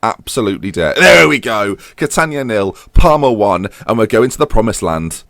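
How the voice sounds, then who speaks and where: A young man commentating while playing a football manager game, swinging from muttered grumbles to yelling when a goal goes in. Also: on the low side, very animated, normal speed, vocal fry, no room sound, clean studio sound. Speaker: gaming YouTuber.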